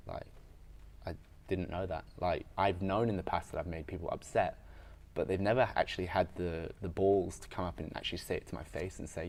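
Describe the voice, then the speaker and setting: A man's voice: low-pitched, level tone, brisk, slight background noise. A man, a strength coach and podcast guest, talking frankly and reflectively about himself in a casual, filler-heavy way. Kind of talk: candid conversational storytelling.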